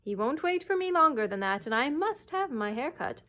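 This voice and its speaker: A woman's voice: high-pitched, very animated, moderate pace, breathy edge, voice pushed up, heavily acted. A woman reading aloud, voicing a pompous, irritable king who talks in a haughty, commanding way.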